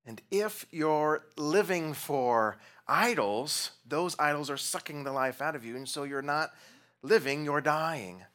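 A middle-aged man preaching a sermon as pastor, earnest and emphatic, slowing down and dropping to near-whispers on key phrases, with light humorous asides. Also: on the high side, lively intonation, a bit bright.

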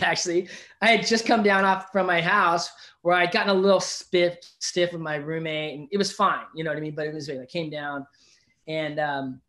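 A man telling a personal story in casual conversation as a podcast guest, animated, swearing freely and often asking "you know what I mean". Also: on the high side.

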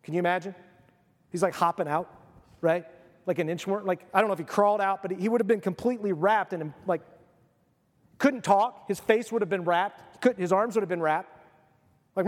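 A male pastor preaching a sermon, telling the story with animated, acted-out voices. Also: high voice, brisk, long reverb tail.

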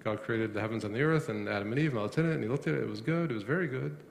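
A pastor preaching a sermon, asking his congregation questions and rising sharply in pitch to stress a point. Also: very fast, vocal fry, a little hiss or hum. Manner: asks the congregation questions, rises sharply on emphasis. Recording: long reverb of a hall.

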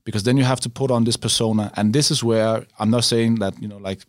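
A man's voice: medium pitch, steady tone, quick pace, dry recording, clean studio sound. A man in casual podcast chat, reflective, often checking in with "right?". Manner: reflective, frequent "right?" tags. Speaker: YouTuber, podcast co-host.

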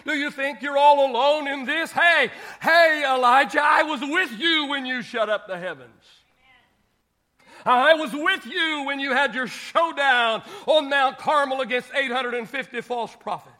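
A male preacher voicing God as He gently chides a despairing prophet with insistent rhetorical questions. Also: very high-pitched, steady tone, moderate pace, few pauses. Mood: chiding.

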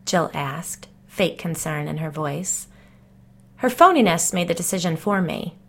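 Low, gravelly woman narrating fiction. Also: expressive, unhurried. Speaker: audiobook narrator. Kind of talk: scripted first-person fiction narration.

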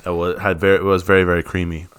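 A man's voice: low-pitched, flat delivery, rapid-fire, fairly bright tone. A man co-hosting a casual chat podcast, rambling and playful with lots of fillers. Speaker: podcast co-host.

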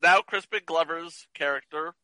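A man joking casually through a movie commentary with quick asides. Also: fairly high pitch, pushed and bright, dry recording, low-quality recording. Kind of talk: casual commentary over a film.

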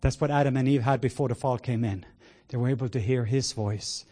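A man preaching a sermon with passion, moving between hushed words and loud exclamations. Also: medium pitch, a little fast. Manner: sprinkles in laughter and cries of "whoa".

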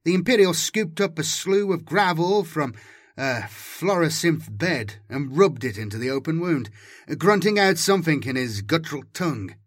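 A man's voice: fairly high pitch, normal speed, no room sound. A man doing dramatic scripted audiobook narration on a close mic. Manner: dramatic, animated storytelling.

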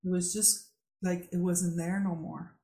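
A woman hosting a podcast, telling a story in a heartfelt, drawn-out way. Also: lowish voice, level tone, mellow. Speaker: podcast host. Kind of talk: conversational interview. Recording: echoey room.

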